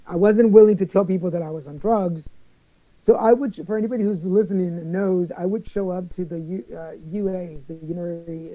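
Animated man telling his story, mellow voice. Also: high-pitched, brisk, no room sound, low-quality recording. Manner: animated storyteller, acts out quoted voices, many restarts. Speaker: guest. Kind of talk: candid storytelling interview.

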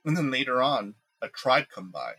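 A man's voice: mid-range voice, big pitch swings, normal speed, sharp tone, breathy edge, poor audio. A man and podcast co-host who retells a legend in a loose, rambling, casual way. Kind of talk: casual storytelling.

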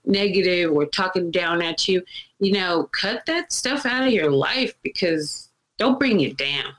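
A woman's voice: lowish voice, takes it slowly, rough recording. A woman hosting a casual podcast chat, telling stories with emphasis and acting out what other people said. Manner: animated storytelling, acts out quoted people; emphatic, repeats points. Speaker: podcast host.

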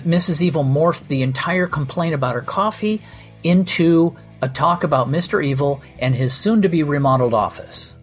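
A man hosting a podcast, telling a comic story in a wry, sardonic and profane way. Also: fairly high pitch. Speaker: podcast host. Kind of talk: comedic storytelling monologue.

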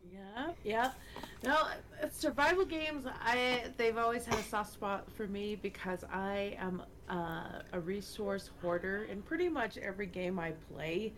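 A woman co-hosting a podcast in casual chat, playful and relaxed in her banter. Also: medium pitch, unhurried, noisy background. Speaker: podcast co-host.

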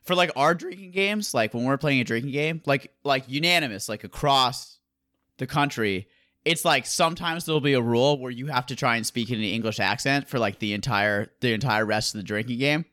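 A man's voice: medium pitch, a little fast, pushed and bright, no room sound, studio quality. An American man hosting a podcast, laid-back and casual, saying "like" a lot as he asks questions. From United States. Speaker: podcast host. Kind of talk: casual interview chat.

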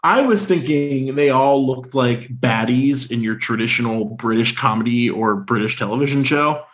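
A man co-hosting a casual film discussion, talking with animated energy and dropping into silly voices. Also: medium pitch, normal speed. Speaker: podcast co-host.

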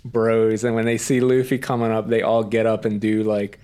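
A man's voice: lowish voice, little pitch movement, normal speed, dark tone, clear, resonant tone. A man co-hosting an anime recap podcast, retelling scenes in a casual, enthusiastic way full of fillers and quoted lines. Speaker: podcast co-host.

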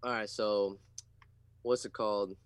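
A man from South America, co-hosting a casual chat and telling a rambling, animated story. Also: lowish voice, measured pace, clean tone, dry recording. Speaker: co-host.

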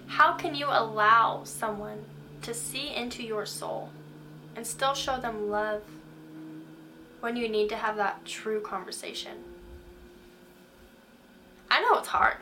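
A woman's voice: fairly high pitch, takes it slowly, pauses often, background noise. A young woman giving a faith-based motivational talk, speaking earnestly and putting direct questions to the listener. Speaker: Christian speaker.

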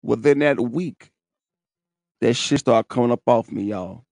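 A man telling his own story in casual, profane, animated talk, laughing and breaking into high shouts. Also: a little slow, dry recording, studio quality.

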